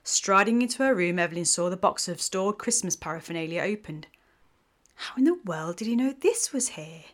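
A woman reading a romance story aloud in an even, measured way. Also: fairly low pitch. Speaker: host and story narrator. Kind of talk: scripted story narration.

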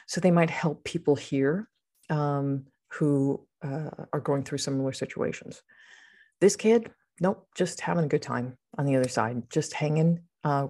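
A woman's voice: low-pitched, dark tone. A middle-aged woman co-hosting a podcast, talking casually and rambling with lots of fillers and restarts. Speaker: psychic podcast co-host. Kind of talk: casual chat.

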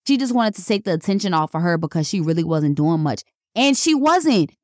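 A woman's voice: fairly low pitch, big pitch swings, brisk, darkish tone, no room sound, clean studio sound. A woman hosting a casual podcast monologue, talking bluntly and emphatically with plenty of swearing. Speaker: podcast host.

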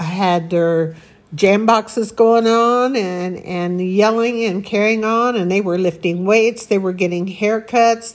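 A woman casually reminiscing on a podcast, rambling with fillers in a relaxed way. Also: mid-range voice. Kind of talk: casual chat.

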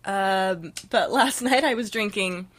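A woman's voice: medium pitch, takes it slowly, a bit bright. A young adult woman co-hosting a podcast, casual and wry, with sarcastic jabs and frequent laughs. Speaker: podcast co-host. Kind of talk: casual chat.

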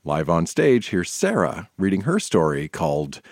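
Male podcast host, very low voice, expressive scripted narration. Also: moderate pace, no room sound, clean studio sound.

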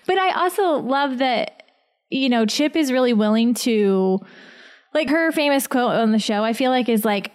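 A woman in her thirties co-hosts a casual chat podcast with a fairly high voice. She talks in a chatty, animated way and laughs often while retelling everyday stories. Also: normal speed, smooth. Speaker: podcast co-host.

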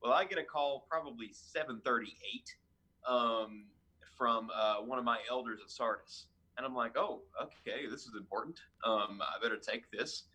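Young minister man with a bright, husky voice, chatty storyteller. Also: mid-range voice, normal speed. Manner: chatty, animated retelling with fillers and restarts. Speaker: youth minister. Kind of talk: casual storytelling.

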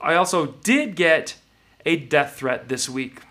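Bright, high-voiced sarcastic male host. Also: expressive, slow pace. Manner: sarcastic and mocking, punchy delivery. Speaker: host of a political commentary show. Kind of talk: comedic political commentary.

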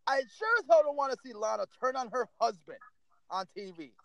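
Exasperated male co-host, very high-pitched, cursing and pleading, dry close recording. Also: lively intonation, brisk, gravelly, a bit bright, no room sound, low-quality recording. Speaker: podcast co-host. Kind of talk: casual wrestling podcast rant.

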